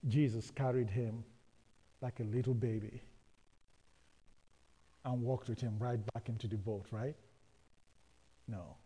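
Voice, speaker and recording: A man's voice: mid-range voice, fairly even intonation, measured pace, long pauses, warm tone, husky. A man preaching a sermon, calling on the congregation to answer and repeating phrases for emphasis. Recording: long hall reverb.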